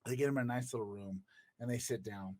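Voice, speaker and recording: A man's voice: medium pitch, fast, darkish tone. A man hosting a podcast, telling a story in a profane, joking way. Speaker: podcast host. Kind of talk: casual chat.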